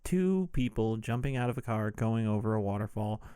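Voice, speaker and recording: A man's voice: lowish voice, lively intonation, normal speed, dark tone, clean tone, no room sound, studio quality. A man hosting a podcast, recapping a movie casually with irreverent jokes and swearing. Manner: irreverent, jokey, swears freely. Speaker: podcast host.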